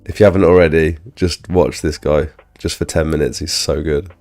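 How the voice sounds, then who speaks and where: Ill man, deep register, loose filler-heavy live-stream chatter. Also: steady tone, moderate pace, darkish tone, faint music behind. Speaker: pressure washing business owner and live streamer. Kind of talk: casual live-stream chat.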